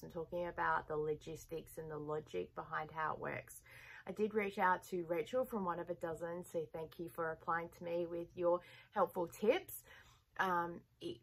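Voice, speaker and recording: A woman's voice: on the low side, a bit bright, breathy edge, low-quality recording. A woman vlogging to her viewers in a casual, rambling chat, laughing often as she talks. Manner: chatty, rambling, with frequent laughs.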